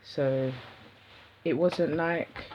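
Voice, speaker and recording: A young woman with a London accent telling a rambling personal story to camera in slangy, animated talk. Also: deep voice, drawn-out words, slight background noise. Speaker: vlogger. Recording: dull lo-fi sound.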